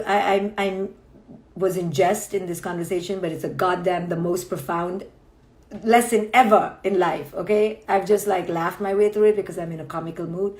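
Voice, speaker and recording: A woman's voice: medium pitch, steady tone, moderate pace, darkish tone, reverberant. A woman, a psychologist, giving a playful, emphatic motivational talk on a livestream and acting out people's inner thoughts. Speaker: clinical psychologist hosting a book club livestream.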